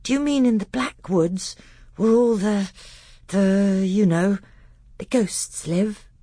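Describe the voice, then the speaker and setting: A man voicing an eager, timid young boy prince in a breathy, half-whispered tone for an audiobook. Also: very high voice, sing-song, measured pace, darkish tone, no room sound, studio quality, voice pushed up, heavily acted. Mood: fearful. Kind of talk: audiobook character voice.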